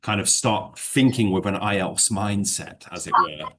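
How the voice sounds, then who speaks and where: A man teaching English one-to-one in a relaxed lesson chat, rambling and hedging with many fillers, then explaining through worked examples. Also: on the low side, measured pace, a little hiss or hum.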